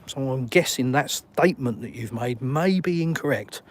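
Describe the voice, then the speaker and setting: An Englishman walks around outside while live-streaming from his phone, reading out viewer comments bluntly and swearing casually. His voice is medium-pitched at a normal speed, with slight background noise.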